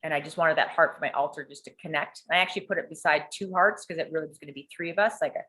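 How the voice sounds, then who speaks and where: Woman, low-ish bright forceful voice, candid animated storyteller, swears. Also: very fast. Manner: animated, swears freely, acts out quotes. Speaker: coaching client sharing a story.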